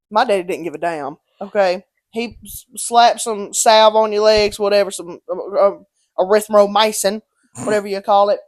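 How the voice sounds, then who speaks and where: A woman's voice: medium pitch, a little slow, no echo. Woman co-host, casual storytelling, salty language, dry mic. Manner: animated storytelling, swears freely, acts out quotes. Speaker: podcast co-host. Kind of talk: casual chat.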